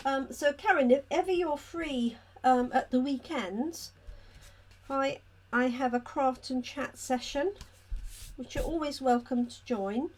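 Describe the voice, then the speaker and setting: A woman's voice: high-pitched, a little slow. A woman, hosting a live card-making demonstration, chatting with her viewers by name as she works. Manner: chatty, talks to viewers by name and answers their comments. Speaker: craft demonstrator.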